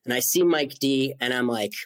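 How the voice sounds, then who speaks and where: Animated man telling a story. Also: medium pitch, moderate pace. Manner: animated, acts out quoted voices, many "like" fillers. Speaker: interview guest. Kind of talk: storytelling in conversation.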